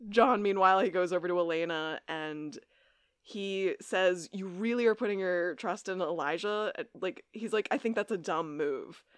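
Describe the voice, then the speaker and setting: A woman's voice: fairly low pitch, normal speed, clear, resonant tone, no room sound, studio quality. A young adult woman co-hosting a podcast, recapping an episode in casual chat and acting out the characters' lines as she goes. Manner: animated, acts out characters' lines while recapping. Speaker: podcast co-host.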